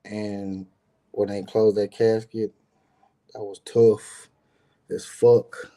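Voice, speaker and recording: Low mellow-voiced man telling a story. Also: slow pace. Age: adult with grown son. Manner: rambling, repeats words, lively quoting. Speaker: streamer telling a personal story. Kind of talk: casual storytelling monologue.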